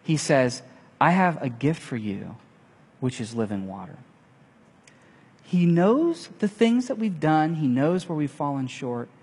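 A man preaching a sermon, telling a story in lively fashion and acting out the lines of the people in it. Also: fairly high pitch, unhurried, slightly rough. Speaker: pastor. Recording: long hall reverb.

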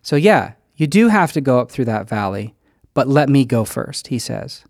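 Animated male preacher telling a story. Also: medium pitch, moderate pace, vocal fry, no echo, clean studio sound. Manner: animated storytelling, acts out quoted lines. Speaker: pastor. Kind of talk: sermon with a personal story.

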